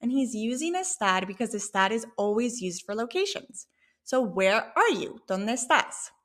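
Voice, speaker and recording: A woman teaching a Spanish lesson, explaining a sample dialogue clearly and patiently. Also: a little high, very animated, a bit bright. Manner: clear, patient, slow when modeling Spanish phrases.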